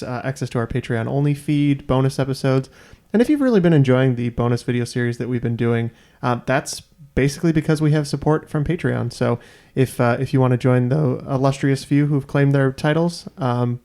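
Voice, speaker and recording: A man's voice: medium pitch, warm tone. A man doing a friendly, slightly rambling plug for listener support on his podcast. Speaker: podcast host. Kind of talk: podcast sponsor read.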